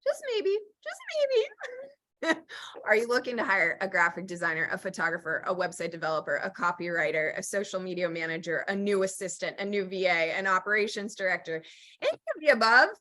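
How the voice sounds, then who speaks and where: A woman co-hosting a podcast in casual chat, bubbly and quick with asides, laughing often. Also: fairly low pitch, bright, forceful tone. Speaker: podcast co-host.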